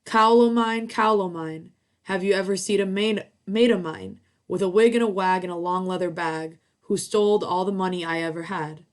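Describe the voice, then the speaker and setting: A woman's voice: lowish voice, fairly even intonation, normal speed, close to an everyday voice. A woman voicing an old witch guarding her gold, with a sing-song chant.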